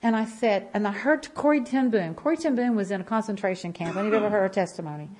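A woman's voice: medium pitch, fast, a little mellow, slight background noise. A woman in her fifties giving an impassioned church testimony, emphatic and repeating phrases as she tells her story.

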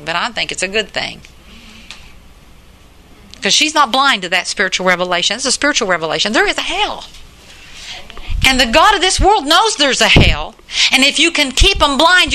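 Bright-voiced older woman preaching. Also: a little high. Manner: earnest, plain-spoken, repeats for emphasis. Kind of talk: sermon.

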